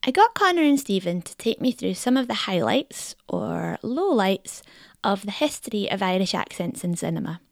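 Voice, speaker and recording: A woman's voice: mid-range voice, sing-song, moderate pace, vocal fry, dry recording, studio quality. A woman presenting a feature in scripted narration, with a wry delivery.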